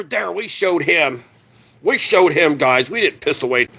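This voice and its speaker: A man's voice: fairly high pitch, lively intonation, unhurried, creaky, pushed and bright, husky. A man ranting on a live stream, heated and sarcastic, swearing constantly and answering his chat. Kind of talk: profane live-stream rant.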